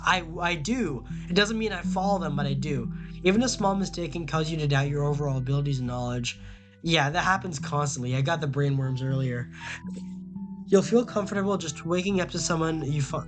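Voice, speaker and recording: A man's voice: fairly high pitch, a little fast, over music. A young man streaming casually, reading quiz questions aloud and answering them in a rambling, flustered way, often stammering and repeating himself.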